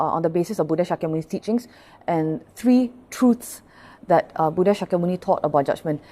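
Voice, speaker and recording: A woman's voice: mid-range voice, darkish tone. Patient woman pastor teaching. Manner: patient, explanatory, checks in often with "all right?"; greets live viewers by name between points. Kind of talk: livestreamed Buddhist dharma talk.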